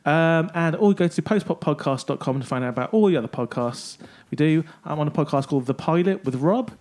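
A man's voice: a little high, expressive, a little fast, darkish tone. A man hosting a podcast, chatting casually and dropping in brief encouraging interjections. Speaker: podcast host. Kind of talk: casual chat.

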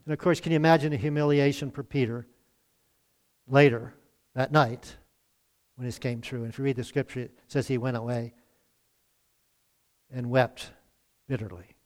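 A man's voice: medium pitch, fairly even intonation, normal speed, long pauses, a little mellow. A man preaching a sermon in a conversational way, often chuckling and acting out the lines he quotes. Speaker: pastor.

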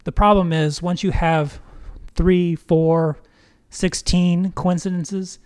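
A man's voice: sits high, fairly even intonation, takes it slowly, darkish tone, clear, resonant tone. A man co-hosting a podcast, talking in an earnest, reflective way in casual chat. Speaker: podcast co-host.

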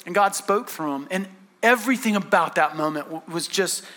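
A man preaching a sermon as a pastor, earnest and animated, repeating words for emphasis. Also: high-pitched, normal speed.

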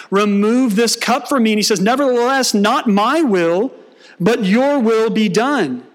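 A man's voice: high-pitched, fairly bright tone. A male pastor preaching a sermon, mixing teaching with humorous storytelling and acted-out dialogue.

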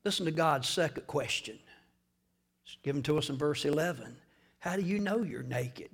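A man preaching a sermon to a church congregation, swinging between hushed whispers and loud, dramatic shouting. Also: fairly high pitch, normal speed, creaky, pauses often, breathy edge. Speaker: pastor.

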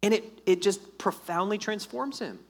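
A man preaches a sermon with a slightly high voice, talking to the congregation like a friend. He is animated and casual and acts out the lines he quotes. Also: moderate pace. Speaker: pastor.

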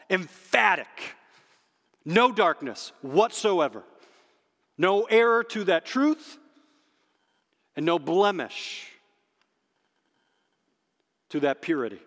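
A man preaching a sermon as pastor, emphatic and slowing down on key phrases. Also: a little high, lively intonation, fairly bright tone. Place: church sanctuary under stage spotlights. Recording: long hall reverb.

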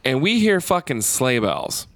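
A man telling a story in casual podcast chat, animated and profane. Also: mid-range voice, unhurried, no echo.

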